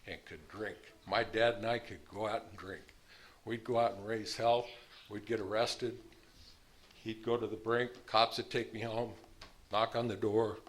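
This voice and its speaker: A man's voice: lowish voice, a bit bright, a little hiss or hum. A man in his sixties telling his own story in a blunt, plain-spoken way, now and then laughing at his past. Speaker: speaker sharing his recovery story. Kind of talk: personal storytelling.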